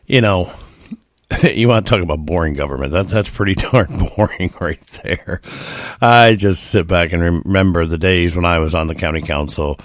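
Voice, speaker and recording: A man's voice: low voice, animated, moderate pace, no room sound, clean studio sound. A middle-aged man hosting a casual solo podcast, rambling and chuckling with lots of fillers. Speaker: podcast host.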